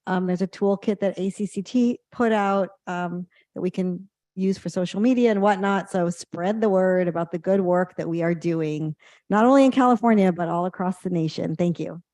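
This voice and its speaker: A woman's voice: on the low side, moderate pace, warm tone, no echo, studio quality. A woman trustee making a short, upbeat announcement at a board meeting. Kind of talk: brief remark at a board meeting.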